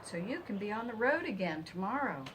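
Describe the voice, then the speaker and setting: A woman's voice: medium pitch, very animated, brisk, noisy background, close to an everyday voice. A woman voicing a polite, easily worried pig in a children's storybook. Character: polite anxious male pig.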